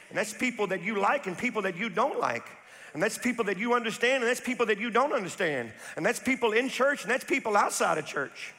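A man preaching in a church, his voice high-pitched and bright. He tells stories quietly and confidingly, then builds to fervent, shouted climaxes. A long hall reverb trails every phrase. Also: lively intonation, a little fast. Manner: storytelling preacher who builds to impassioned shouting peaks. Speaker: pastor. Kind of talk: sermon. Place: church sanctuary.

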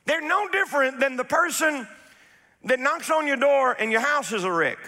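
A man's voice: very high-pitched, expressive, moderate pace, bright, forceful tone. A man preaching a sermon as pastor, emphatic, with repeated phrases and call-and-response to his congregation. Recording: reverberant hall.

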